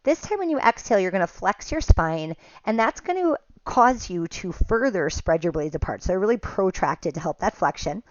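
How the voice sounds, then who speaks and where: A woman teaching a pilates class, giving calm step-by-step cues and counts, a little out of breath at times. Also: mid-range voice, normal speed, hardly any pauses, no echo, muffled recording. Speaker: pilates instructor. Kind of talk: guided exercise class cues.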